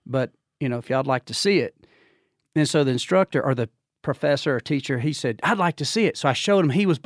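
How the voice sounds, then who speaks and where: A man's voice: fairly quick, no echo, clean studio sound. A man in his fifties from Georgia with a Southern drawl, telling a long story as a podcast guest and acting out the voices in it. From Georgia, USA. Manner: animated storyteller who acts out quotes with big pitch jumps and laughs. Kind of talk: casual storytelling chat.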